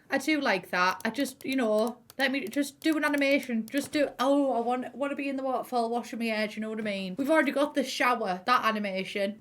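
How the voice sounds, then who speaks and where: A woman's voice: medium pitch, a bit bright. Sweary, chatty young Teesside woman. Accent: Teesside English. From Middlesbrough, England. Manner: frank and sweary, calls viewers pet names. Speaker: YouTuber reviewing a game expansion. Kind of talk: casual chatty video review.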